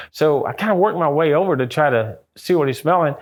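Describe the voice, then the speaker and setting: A middle-aged American man, a guest on an interview, telling a ghost story with lively acted-out quotes. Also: on the high side, quick pace. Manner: acts out quotes in a raised excited voice.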